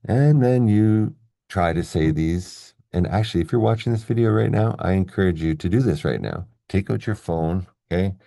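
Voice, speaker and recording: A deep-voiced man with a gravelly edge teaches an English lesson, walking through each point step by step and checking in with the viewer. His tone is dark and mellow, and the sound is dry and close. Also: moderate pace, no room sound. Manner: explains step by step, checks in with "okay?" and "right?". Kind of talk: classroom-style video lesson.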